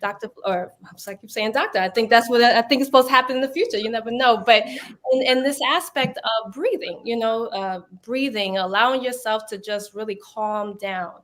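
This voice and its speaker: A woman's voice: on the high side, brisk, fairly bright tone. A woman therapist on a panel, explaining in an earnest, thinking-aloud way. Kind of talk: panel discussion.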